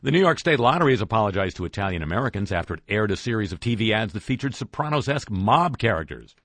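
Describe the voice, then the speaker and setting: A man's voice: on the low side, very animated, quick pace, a bit bright, no echo. A man hosting talk radio, reading news items with sarcastic, wry asides. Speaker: radio host.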